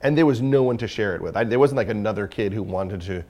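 A man's voice: fairly low pitch, fast, a little mellow. A man talking candidly in an interview as the guest, rambling with many fillers and restarts. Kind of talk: casual interview conversation.

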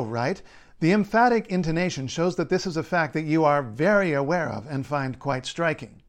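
A man, a linguist, reading a scripted explainer in a measured, playful way. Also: a little high, animated. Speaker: linguist and writer.

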